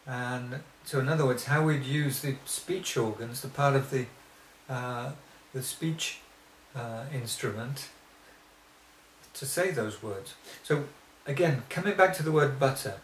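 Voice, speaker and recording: A male teacher explains things at a very slow, deliberate pace. He stumbles, restarts sentences and clears his throat now and then. His voice rings in a roomy space over a faint background hum. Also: medium pitch. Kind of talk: spoken lesson.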